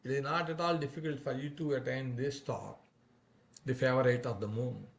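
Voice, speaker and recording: A man's voice: medium pitch, fairly even intonation, moderate pace, close to an everyday voice. A man voicing a loyal young woman friend who advises and teases in a raised voice. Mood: advising.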